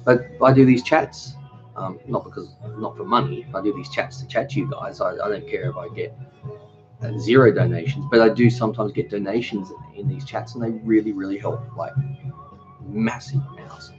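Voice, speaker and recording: A man's voice: fairly low pitch, normal speed. A middle-aged man hosting a casual livestream chat, rambling and reading viewer comments aloud. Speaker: cooking channel host. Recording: dull lo-fi sound with music behind.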